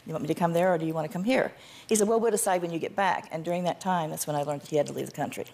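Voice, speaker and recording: A woman's voice: lowish voice, very fast, creaky, darkish tone, a little hiss or hum. An older woman, a guest on a talk show, answering in a plainspoken, firm way. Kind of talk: candid interview answers.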